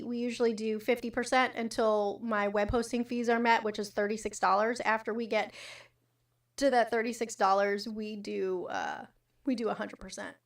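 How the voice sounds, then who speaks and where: A woman's voice: fairly high pitch, a bit bright, recorded from a distance. A woman hosting a casual livestream, chatting with commenters and reading news with blunt, profane, sarcastic asides. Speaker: livestream host.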